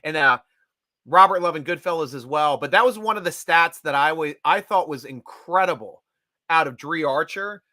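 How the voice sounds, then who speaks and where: A middle-aged man hosts a casual live-stream chat, animated and laughing easily. His voice is bright and fairly high. The sound is dry and close. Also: no room sound. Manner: animated and chatty, quick to laugh. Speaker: host.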